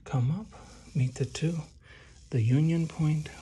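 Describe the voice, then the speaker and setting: A painting instructor with a slightly high, warm and husky voice shows how to paint a door indoors, speaking slowly. As he works he often drops to a whisper and makes joking asides to viewers during the hands-on demonstration.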